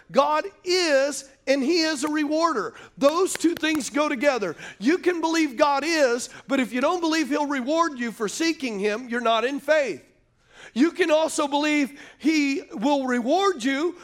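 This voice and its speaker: A man's voice: extremely high pitch, a bit bright. A male pastor preaching a sermon to a live congregation, joking between points and calling for the crowd to answer. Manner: call-and-response preaching, asks the crowd to answer; jokey asides between points. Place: church sanctuary before a live congregation.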